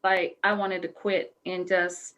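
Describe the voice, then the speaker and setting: A woman's voice: fairly low pitch, little pitch movement, measured pace, a bit bright, dull audio. A young adult woman guest speaker telling her story in a casual live-show chat, earnest and heartfelt, with many "you know" fillers.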